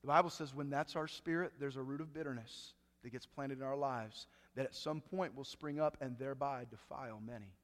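A man preaching a sermon to his church, swinging between raised, emphatic lines and hushed, quiet ones. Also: mid-range voice, a little fast, hardly any pauses. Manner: preaching with rising emphasis and dramatic hushed drops. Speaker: pastor. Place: church sanctuary. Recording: long reverb of a church hall.

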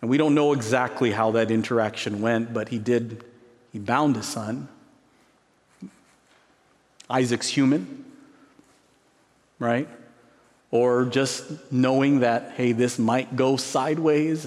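A man preaching a sermon with emphasis, his voice climbing high on key words between musing pauses. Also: darkish tone. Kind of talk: expository sermon. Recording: long reverb of a large hall.

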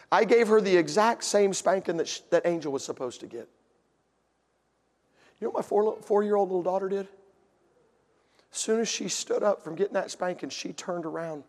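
High-voiced preacher in a reverberant hall. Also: male voice, husky. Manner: emotional, self-deprecating storyteller. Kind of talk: sermon with personal storytelling.

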